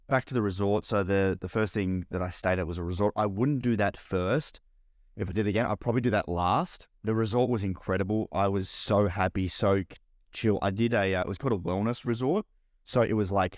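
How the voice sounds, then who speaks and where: A man's voice: fairly low pitch, fairly even intonation, brisk, no room sound, studio quality. A young Australian man co-hosting a podcast, chatting casually and rambling with lots of "like" and swearing. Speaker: podcast co-host. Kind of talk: casual chat.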